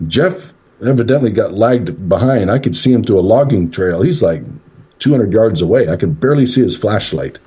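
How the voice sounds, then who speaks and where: On a dull, lo-fi radio line, a male paranormal investigator guests on a show, his low voice husky and mellow. At a normal speed and with lively intonation, he tells a long, rambling, casual story and acts out what people said.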